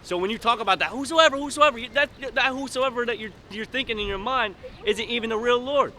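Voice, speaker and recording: A man preaching outdoors on a street in rough, blunt vernacular, hammering his points with emphasis. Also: extremely high pitch, quick pace, pushed and bright.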